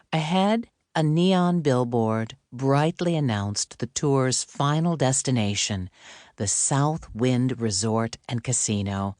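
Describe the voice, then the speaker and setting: A woman narrating a cozy mystery audiobook in a measured, deliberate reading. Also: rumbling low, a little mellow, dry recording, studio quality. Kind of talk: scripted narration.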